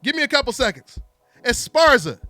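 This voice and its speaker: Casual: guy with a really high, sharp voice running a live call-in sports show, teasing and goading listeners, saying the same thing again and again, faint music underneath. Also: fairly quick. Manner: animated, taunting, repeats himself. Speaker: boxing talk show host. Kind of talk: solo live call-in boxing talk.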